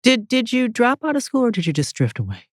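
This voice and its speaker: A woman's voice: fairly high pitch, huge pitch swings, brisk, dry recording, studio quality. A woman hosting an interview, asking probing, curious questions and often backing up her guest with short replies. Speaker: host.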